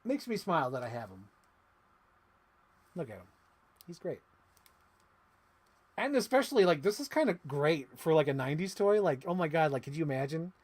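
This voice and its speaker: A man chatting casually on a live stream while unboxing toys, rambling and excitable with lots of "like.". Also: fairly high pitch, normal speed, pauses often. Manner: rambling, excitable, heavy use of "like". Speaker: toy collector streamer.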